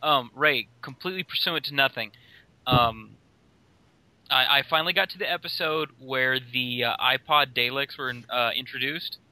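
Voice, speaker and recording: A man chatting casually on a podcast, telling rambling stories with lots of fillers and animated bursts. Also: mid-range voice, normal speed, a little hiss or hum, poor audio. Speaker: podcast co-host, customer service supervisor. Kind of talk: casual chat.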